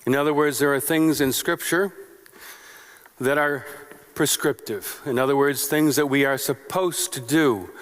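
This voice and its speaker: Short phrases said again and again, plus rhetorical questions, shape this male pastor's sermon. His mid-range voice is a bit bright and a little slow, recorded with the long reverb of a church sanctuary.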